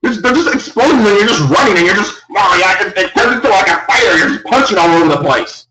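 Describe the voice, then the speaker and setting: A young man ranting loudly and in exasperation on a live gaming stream. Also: expressive, quick pace. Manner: loud, exasperated ranting with big pitch swings. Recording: echoey room, far from the mic.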